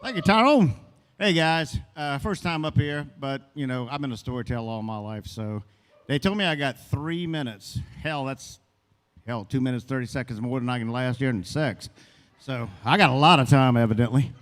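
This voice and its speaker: A man's voice: medium pitch, moderate pace, in a large hall. A man in his fifties from Louisiana doing a first open-mic stand-up set, rambling, folksy and long-winded. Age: 50s. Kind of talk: stand-up storytelling. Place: comedy club stage.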